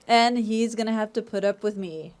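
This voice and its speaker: A woman's voice: medium pitch, normal speed, a little mellow. A woman co-hosting a podcast, chatting casually and cheerfully, laughing easily. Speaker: podcast co-host. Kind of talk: casual chat.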